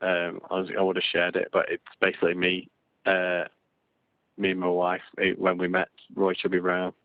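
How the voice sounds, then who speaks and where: A man's voice: low-pitched, monotone, moderate pace, no room sound. A man co-hosting a casual live-stream chat, rambling and restarting his sentences. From England. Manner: rambling, repeats words, frequent restarts. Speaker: podcast co-host. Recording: tinny phone-like dry sound.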